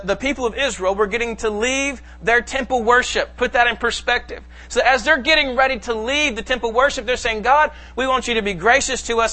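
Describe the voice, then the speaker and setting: A man preaching a sermon to a congregation, reading scripture slowly and with emphasis. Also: very high voice, pushed and bright. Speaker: pastor. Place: church sanctuary.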